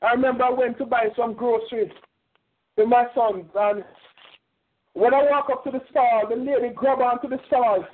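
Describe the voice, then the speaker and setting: A man's voice: very high-pitched, steady tone, normal speed. A man preaching a sermon with fervent, repetitive delivery. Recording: tinny phone-like sound.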